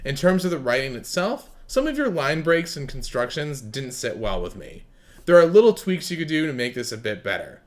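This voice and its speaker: A man judging writing contest entries, blunt, sarcastic and profane, swinging between loud bursts and muttered asides. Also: a little high, sing-song, brisk. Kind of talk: recorded critique of contest entries.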